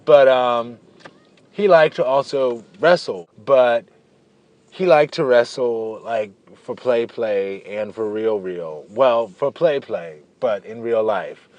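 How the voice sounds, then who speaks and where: A man's voice: mid-range voice, takes it slowly, darkish tone, dull audio. A man vlogging, telling a personal story in a chatty, playful way, drifting into tangents and stretching out words for emphasis. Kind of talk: casual storytelling to camera.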